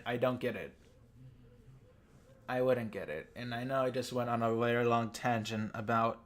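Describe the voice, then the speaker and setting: A man giving a profane, rambling rant as a YouTube commentator. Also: mid-range voice. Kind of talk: ranting commentary.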